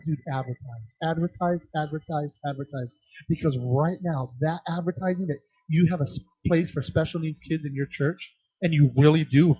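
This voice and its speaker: A middle-aged man leads a teaching session for children's ministry workers, telling stories with lively acted-out voices. His voice is a little husky and sits slightly high. The recording is dry and a bit dull. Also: dry recording. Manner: animated storytelling with acted-out voices.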